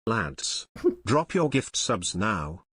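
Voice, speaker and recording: Woman putting on a gruff deep sales hawker. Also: big pitch swings, drawn-out words, no echo, clean studio sound, heavily acted. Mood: hawking. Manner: pushy sales pitch.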